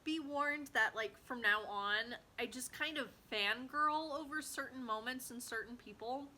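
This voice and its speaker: A woman's voice: a little high, a little slow, sharp tone, echoey room, a little hiss or hum. A young woman book vlogger chatting casually and gushing about favorite moments, rambling with many likes and ums and reading passages aloud.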